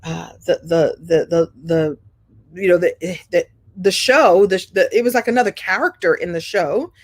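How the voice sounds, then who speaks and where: A woman in her fifties hosting her own show, telling a story in a casual monologue with warm, playful jumps in pitch. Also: moderate pace. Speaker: show host.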